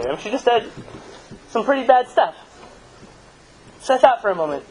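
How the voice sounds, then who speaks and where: A man's voice: very high voice, big pitch swings, moderate pace, noisy background. A man, a rabbi, giving a live talk and telling stories in a conversational way, asking his audience questions.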